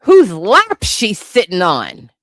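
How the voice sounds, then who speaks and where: A woman hosting comedic pop-culture commentary, animated and incredulous, swearing freely and breaking into laughter. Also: mid-range voice, slow, dry recording, clean studio sound. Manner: animated, incredulous, bursts of laughter, profane asides. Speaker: host.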